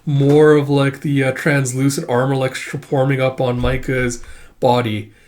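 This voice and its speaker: A man's voice: mid-range voice, unhurried. A man casually retelling a comic book volume, introducing each line with "it's like". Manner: casual, uses "it's like" to introduce lines, animated. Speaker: comic recap host.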